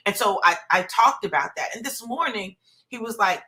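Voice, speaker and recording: A woman's voice: mid-range voice, expressive, normal speed, pushed and bright. A woman in her fifties giving a heartfelt personal testimony on a live stream, talking in a conversational, preacher-like way with many fillers. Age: 50s. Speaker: minister.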